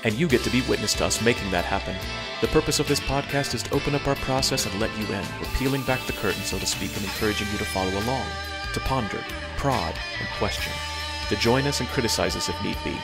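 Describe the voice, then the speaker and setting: Measured man hosting a podcast, music under. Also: fairly low pitch, creaky. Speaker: podcast host. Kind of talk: scripted podcast intro, then casual chat. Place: Cairo, Egypt.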